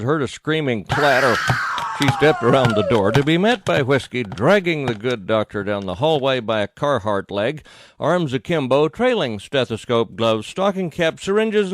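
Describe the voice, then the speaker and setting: A male storyteller reads a comic tale with vivid, dramatic flair. His voice swings widely in pitch. The studio sound is close and dead. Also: dry recording. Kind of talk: humorous scripted storytelling.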